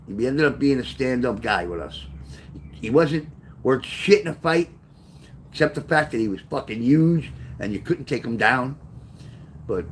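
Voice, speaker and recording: A man's voice: mid-range voice, slight background noise. A middle-aged man, casually telling a street story on his livestream, in a rambling, profane way. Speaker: author livestreaming to chat.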